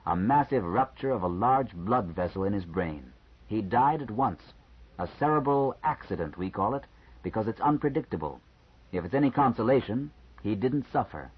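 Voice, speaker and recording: A man reading an audiobook, voicing a calm male doctor who explains things frankly and matter-of-factly. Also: fairly low pitch, slightly rough. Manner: measured, matter-of-fact explaining. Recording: slightly muffled lo-fi recording.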